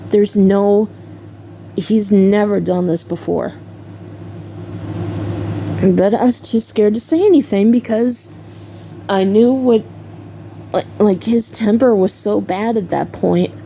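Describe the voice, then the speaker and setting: A woman's voice: medium pitch, measured pace, gravelly, warm tone, a little hiss or hum. A woman casually telling a personal story in her own words, hesitant and often correcting herself mid-sentence. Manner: hesitant, with fillers and self-corrections. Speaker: storyteller vlogger.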